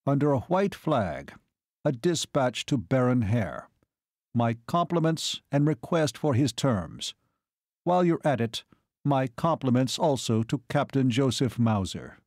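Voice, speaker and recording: A man playing a gruff, blunt army marshal. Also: fairly high pitch, animated, dark tone, no room sound, clean studio sound, pitched above the performer's own voice. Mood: grave. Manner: heavy, deliberate, curt.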